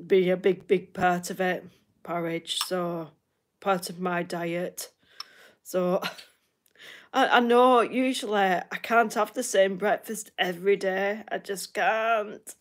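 A woman's voice: medium pitch, steady tone, takes it slowly. A woman from the north of England with a Northern English accent, chatting casually with viewers on a livestream, laughing often and repeating herself. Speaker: livestream host.

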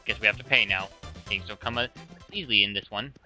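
A man's voice: lowish voice, quick pace, music in the background, rough recording. A man giving casual let's-play commentary with dry, joking asides.

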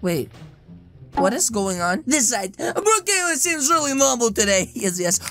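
A woman giving loud, excitable, comedic role-play commentary over gameplay, often shouting and laughing. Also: high voice, normal speed, faint music behind. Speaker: gaming YouTuber.

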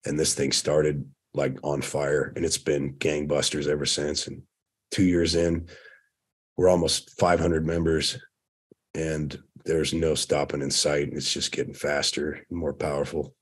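A man's voice: a bass voice, little pitch movement, measured pace, breathy edge. A man in his thirties, a podcast guest, candidly telling his story in casual conversation and swearing freely. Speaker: podcast guest, firefighter turned coach.

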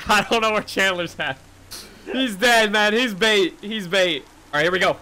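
A young man hosting a let's play, talking excitedly, often shouting and laughing. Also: high voice, measured pace. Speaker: gaming video host. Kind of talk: casual let's play commentary.

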